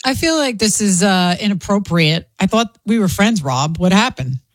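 A woman's voice: mid-range voice, animated, normal speed, no echo. A woman co-hosting a radio show, bantering with teasing wry remarks. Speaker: radio co-host. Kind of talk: playful studio banter.

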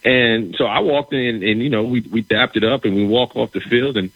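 Husky-voiced man telling a story. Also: mid-range voice, moderate pace, no echo. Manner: animated, restarts phrases, asks "right?" often. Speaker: guest, former pro football player. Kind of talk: casual storytelling in conversation. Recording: dull, slightly lo-fi recording.

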